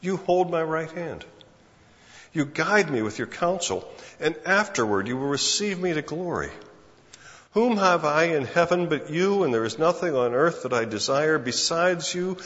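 A pastor delivers a sermon in a slightly high, animated, fairly bright voice at normal speed. He often asks the congregation rhetorical questions, acts out the thoughts of imagined people, and stumbles into repeated words and restarts. The recording has long hall reverb and a dull lo-fi sound.

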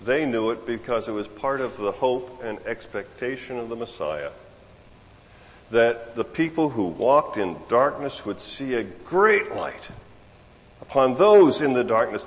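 A man preaching a sermon, emphatic and repetitive, dropping low and then rising sharply for emphasis. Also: lively intonation, unhurried. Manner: emphatic, repeats words, swings from low murmur to raised voice. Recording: long hall reverb.

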